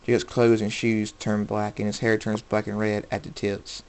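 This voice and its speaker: A man reading aloud a story he wrote himself, in a plain, unhurried amateur delivery with small slips. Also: on the low side, monotone, a little mellow, clean tone, rough recording.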